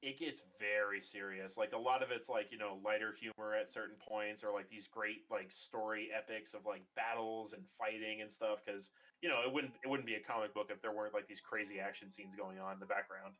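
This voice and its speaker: A man's voice: fairly low pitch, flat delivery, a little fast, few pauses, pushed and bright. A young man hosting a podcast, chatting casually and rambling with lots of fillers. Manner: rambling, many fillers, acts out quotes. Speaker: podcast host. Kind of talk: casual chat.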